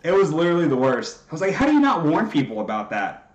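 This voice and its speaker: Animated, profane male storyteller, slightly high voice, echoey room. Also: fast, dull audio. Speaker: podcast co-host. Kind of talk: casual storytelling chat.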